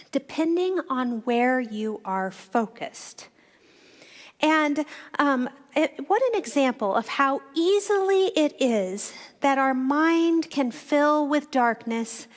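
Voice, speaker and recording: A woman minister giving a reflective, storytelling sermon, speaking directly to her congregation in a church. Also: high voice. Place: church sanctuary.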